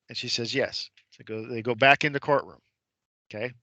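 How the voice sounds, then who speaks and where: A man tells a story on a radio show, with a bright, forward tone and a middle pitch. He acts out the voices of the people in the story, asks rhetorical questions and repeats his points for emphasis. The sound is close and dry. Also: normal speed, no echo, highs cut off. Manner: retells courtroom scenes, imitating the judge's voice. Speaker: guest.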